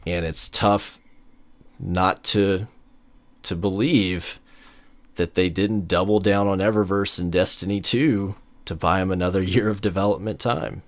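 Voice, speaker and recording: Deep-voiced male podcast co-host, measured and analytical, dry close mic. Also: fairly even intonation, dry recording. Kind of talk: casual gaming podcast chat.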